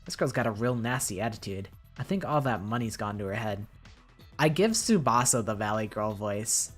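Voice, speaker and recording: A woman's voice: a bass voice, lively intonation, normal speed. A woman game streamer reading all the dialogue aloud, with wry joking asides. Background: game music.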